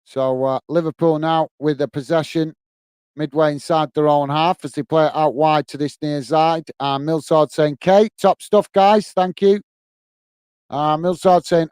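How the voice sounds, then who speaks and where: A man's voice: fairly high pitch, steady tone, measured pace, a little mellow, clean tone, dry recording. A British man hosting live fan commentary of a football match, reading out viewer comments and calling people "mate" in a blunt, chatty way. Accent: British English. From England. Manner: calls "mate" often, blunt and chatty, gets openly irritated.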